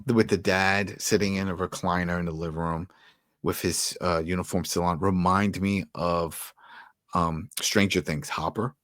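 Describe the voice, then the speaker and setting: A man co-hosting a casual TV recap podcast, animated and acting out characters' lines. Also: low-pitched, normal speed, dry recording, studio quality. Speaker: podcast co-host.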